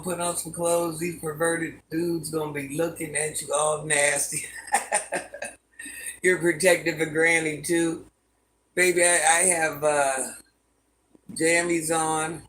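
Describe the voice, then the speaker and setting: A woman's voice: deep voice, level tone, takes it slowly, long pauses, fairly bright tone, a little hiss or hum. A woman in her fifties hosting a livestream from home, reading her viewers' comments aloud and answering each one in an easygoing way. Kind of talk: casual live-stream chat.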